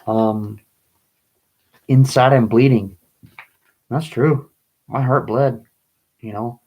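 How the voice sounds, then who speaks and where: A man reading and explaining his own poem in a video, pleading and agitated, his voice rising into angry bursts, with halting restarts. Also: mid-range voice, fairly even intonation, warm tone, low-quality recording. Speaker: vlogger.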